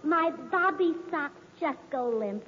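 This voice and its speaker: A woman's voice: sits high, expressive, takes it slowly, heavy background noise. A woman in 1940s radio comedy acting, playing a dizzy, scatterbrained wife with chirpy delivery. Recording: dull lo-fi 1940s radio recording in a hall.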